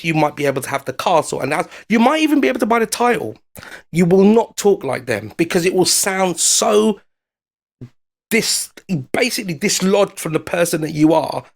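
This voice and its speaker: A British man, a foreign correspondent, chatting casually and agreeing emphatically. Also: sits high. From United Kingdom. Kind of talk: casual chat.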